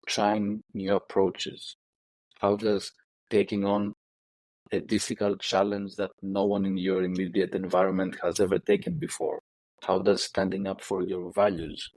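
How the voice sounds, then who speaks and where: A man who is a podcast guest, speaking calmly and reassuringly, often restarting his phrases. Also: sits low, dry recording, poor audio. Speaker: podcast guest, psychology coach. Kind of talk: reflective conversation.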